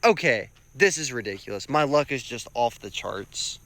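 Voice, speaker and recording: Young male outdoor vlogger, bright-toned, mid pitch, excitable and slangy, crickets behind. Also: normal speed. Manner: excited, chatty, self-mocking, slangy. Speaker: field herper vlogger. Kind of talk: casual vlog narration on the road. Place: outdoors on a rural road at night.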